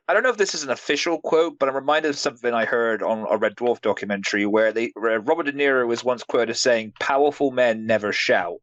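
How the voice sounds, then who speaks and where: A man's voice: medium pitch, a bit bright, no room sound, lo-fi sound. A man giving a blunt, jokey opinion with frequent swearing in a casual online group review. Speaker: podcast panelist.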